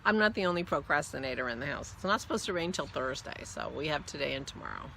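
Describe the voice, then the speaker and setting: Bright-voiced woman chatting casually. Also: low voice, huge pitch swings, quick pace, vocal fry, a little hiss or hum. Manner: rambling and chatty, trailing off and restarting; coos affectionately to her dog. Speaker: podcast host. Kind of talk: casual chat.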